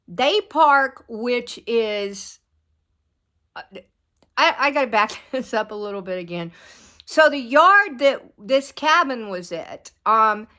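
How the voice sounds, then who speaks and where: A woman telling a long personal story to her viewers in a rambling, animated way. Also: fairly high pitch. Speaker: vlogger. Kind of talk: casual storytelling to camera.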